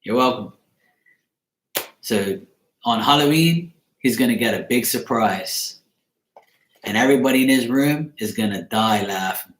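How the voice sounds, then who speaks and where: A man's voice: medium pitch, unhurried, long pauses, a bit bright, a little hiss or hum. A man hosting a casual tarot livestream, teasing and joking with his viewers. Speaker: tarot reader and streamer host. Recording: roomy echo.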